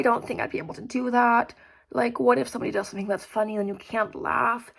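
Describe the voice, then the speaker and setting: Rambling young woman with a gravelly voice. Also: on the high side, fairly even intonation, quick pace. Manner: rambling, filler-heavy, swearing; swings between loud outbursts and mumbled asides. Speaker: vlogger. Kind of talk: casual chat to camera.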